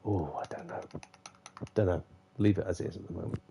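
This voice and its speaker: A man's voice: sits low, steady tone, brisk, vocal fry, warm tone, a little hiss or hum. A man streaming a football manager game, chatting casually, muttering to himself and laughing often. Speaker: gaming streamer. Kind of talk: casual live gameplay commentary.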